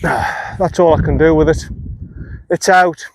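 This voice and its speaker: High-voiced self-critical golfer outdoors. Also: male voice, fairly even intonation, takes it slowly, no room sound. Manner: chatty, self-critical, muttering and swearing at himself. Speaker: golf vlogger. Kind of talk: casual on-course commentary. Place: outdoors on a golf course.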